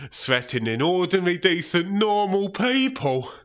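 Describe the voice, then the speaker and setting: A man's voice: high voice, very animated, measured pace. A man playing a pompous, patronizing politician who sneers sarcastically and ends lines with "mate". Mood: sarcastic. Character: smug pompous male left-wing politician, patronizing. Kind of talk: comedy sketch.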